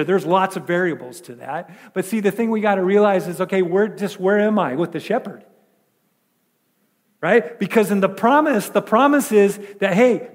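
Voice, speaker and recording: High-voiced pastor preaching in a reverberant hall. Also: male voice. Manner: conversational preaching with many repeated words and rhetorical questions. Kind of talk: sermon.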